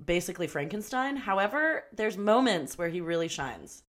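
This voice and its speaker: A woman's voice: medium pitch, sing-song, a bit bright. A woman co-hosting a podcast, chatting casually about a movie, rambling and laughing as she acts out lines. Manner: chatty, rambling, quick to laugh and act out quotes. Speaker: podcast co-host. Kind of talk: casual movie review chat.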